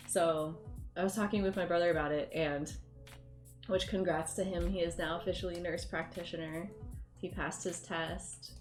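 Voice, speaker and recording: A woman's voice: fairly low pitch, fairly even intonation, moderate pace. A woman livestreamer chatting casually with her viewers, rambling through stories and laughing often. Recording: roomy room with faint music.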